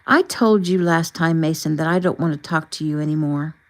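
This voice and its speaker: A woman narrator voicing a young woman who is shaken but firm, speaking a little higher and louder. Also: a little fast, close to an everyday voice, low-quality recording.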